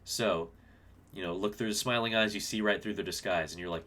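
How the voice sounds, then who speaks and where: A man's voice: low voice, steady tone, normal speed, fairly bright tone, a little hiss or hum. A man musician talking casually and reflectively through the lyrics of his own song, rambling with many fillers and restarts.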